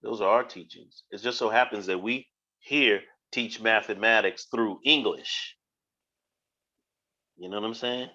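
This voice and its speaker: Blunt, lowish man lecturing on stream. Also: measured pace, bright, forceful tone, highs cut off. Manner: blunt, profane, rhetorical questions. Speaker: live stream host teaching. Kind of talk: casual lecture on a live stream.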